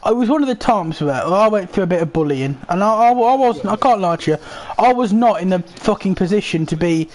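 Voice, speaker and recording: A young man talks in a loose, rambling way, swearing often. His voice sits high and leaps about in pitch. He sounds animated. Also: brisk, hardly any pauses. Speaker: host. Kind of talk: casual chat while playing a football game.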